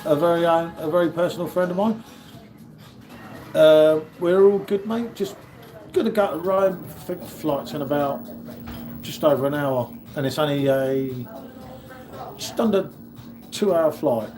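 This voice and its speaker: A man's voice: fairly high pitch, measured pace, pauses often, music in the background. A British man live-streaming from an airport café, chatting casually and joking as he reads out viewer comments into his phone. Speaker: beer vlogger on a live stream. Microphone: phone held by the speaker. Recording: loud crowd noise around.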